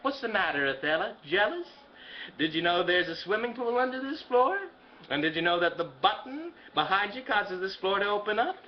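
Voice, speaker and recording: A man's voice: sits high, big pitch swings, fairly quick, lo-fi sound, pitched above the performer's own voice. Man playing a sly sneering young troublemaker; faint hiss behind.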